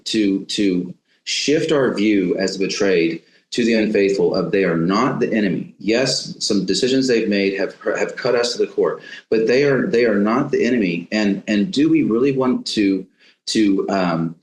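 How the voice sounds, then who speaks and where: A man speaking as a podcast guest, reflective and halting, with many restarts and fillers. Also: on the low side, reverberant, rough recording. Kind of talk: reflective interview talk.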